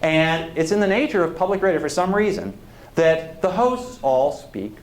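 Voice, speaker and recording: A male historian gives a public lecture in a loose, conversational way, drifting into asides and putting questions to the audience. His voice sits fairly high and moves with lively rises and falls. The hall around him is roomy and echoey. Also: normal speed, background noise.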